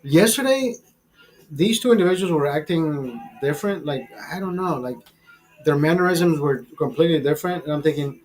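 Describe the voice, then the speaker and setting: High-voiced, profane man rambling casually. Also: animated, fairly quick, darkish tone, faint music behind, poor audio. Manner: profane, rambling, many restarts; calls the listener brother. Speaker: channel host. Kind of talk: casual storytelling over a beer.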